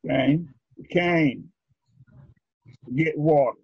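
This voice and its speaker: Guy preaching in a raspy high voice, drawn-out phrasing, dry dull lo-fi recording. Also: no echo. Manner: rhythmic, drawn-out phrasing, leads the congregation in repeating lines. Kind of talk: sermon with call and response. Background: congregation responding.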